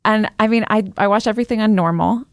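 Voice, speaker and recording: A woman chatting casually as a co-host. She rambles with lots of restarts and small laughs, at a middle pitch. Her voice sounds close and dry. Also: quick pace, smooth, no echo. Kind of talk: casual chat.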